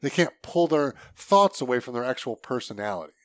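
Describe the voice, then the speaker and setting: A man's voice: mid-range voice, expressive, a little fast, a bit bright, no echo. A man in casual conversation, blunt and opinionated, swearing freely as he argues his points. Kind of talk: casual podcast chat.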